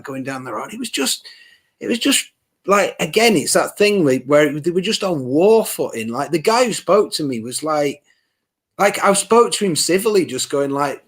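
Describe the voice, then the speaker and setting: A man chatting on a podcast, telling a story animatedly and acting out what people said. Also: on the high side. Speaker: podcast co-host. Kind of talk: casual podcast chat.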